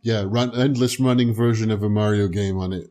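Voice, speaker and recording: A man with a fairly low voice hosts a casual podcast interview. He asks questions in a relaxed manner, often restarting his sentences partway through. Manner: relaxed, halting phrasing with restarts.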